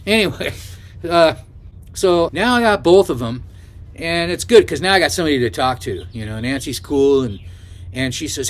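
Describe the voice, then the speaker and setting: Older man, slightly high voice, casual vlog storytelling, rambling, lots of asides. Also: expressive, moderate pace. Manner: rambling, chatty, full of asides and "you know". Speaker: travel vlogger.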